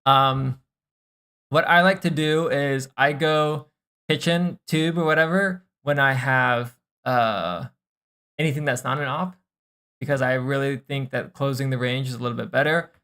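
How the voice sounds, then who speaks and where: A young man with a gravelly, creaky edge talks through gameplay on a stream, coaching in a loose, unhurried way. He thinks aloud, trails off into fillers and drops the occasional swear. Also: mid-range voice, sharp tone. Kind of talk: casual gameplay review.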